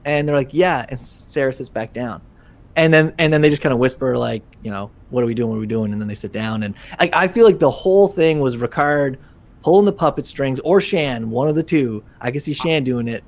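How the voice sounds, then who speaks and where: A man co-hosting a fan podcast, retelling events in an animated, excitable way with many restarts. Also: medium pitch, fairly quick. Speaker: podcast co-host. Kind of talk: casual chat.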